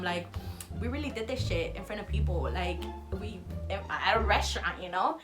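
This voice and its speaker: A young woman in her twenties telling a story casually on her vlog, animated and profane, acting out what people said. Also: medium pitch, fairly quick, over music. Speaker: vlogger.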